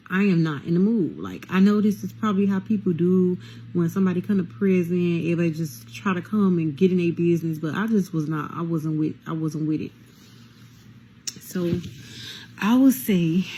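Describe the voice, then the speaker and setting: Gravelly-voiced woman telling a candid story. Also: lowish voice, dark tone, poor audio. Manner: candid, addresses listeners as y'all, swears freely. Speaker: storyteller recounting prison time. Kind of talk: casual storytime monologue.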